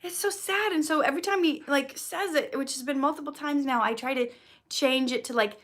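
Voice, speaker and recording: A woman in her thirties hosting a casual livestream, chatting warmly and encouragingly as she reads viewer comments aloud. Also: high voice, brisk.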